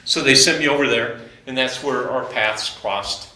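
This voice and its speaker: A man's voice: medium pitch, moderate pace. A middle-aged man, a former Air Force officer, casually telling students about his career and acting out conversations as he goes. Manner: conversational, animated retelling of dialogue. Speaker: retired Air Force officer, JROTC instructor. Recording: echoey room, faint noise.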